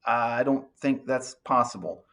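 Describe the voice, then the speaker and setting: A pastor playing a doubtful, stammering young farmer. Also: male voice, mid-range voice, measured pace, fairly bright tone. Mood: incredulous. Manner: stammering, incredulous questions. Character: doubtful young man, timid farmer hiding.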